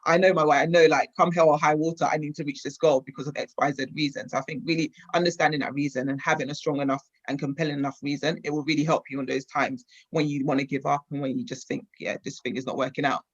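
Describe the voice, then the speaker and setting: A man's voice: a little high, little pitch movement, quick pace, hardly any pauses, no room sound, highs cut off. A British man guest speaking in an emphatic, motivational way in a casual discussion.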